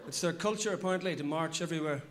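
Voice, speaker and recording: A man with a Northern Irish accent doing an animated stand-up routine, bursting into shouts. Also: fairly high pitch, racing, slight background noise. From Northern Ireland. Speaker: stand-up comedian. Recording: live set with loud audience laughter. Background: audience laughter.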